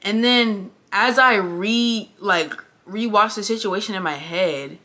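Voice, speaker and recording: A woman's voice: medium pitch, takes it slowly, bright, forceful tone. A young woman telling a story to camera while getting ready, blunt, emphatic and full of swearing. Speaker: vlogger.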